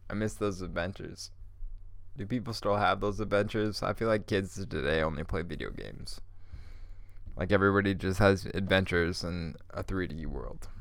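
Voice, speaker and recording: A man's voice: sits low, fairly bright tone, no echo. A man hosting a podcast alone, stoned, rambling in a laid-back, profane way and laughing often. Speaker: podcast host.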